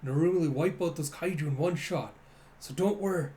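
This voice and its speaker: A man's voice: a little high, fairly quick, dark tone, lightly acted. A man voicing a frightened little boy trying to be brave for his sister, over faint noise.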